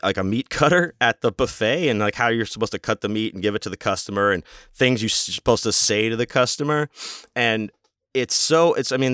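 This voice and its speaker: A man's voice: fairly low pitch, fairly bright tone, no room sound, clean studio sound. A man casually telling a rambling, amused story with lots of fillers and restarts.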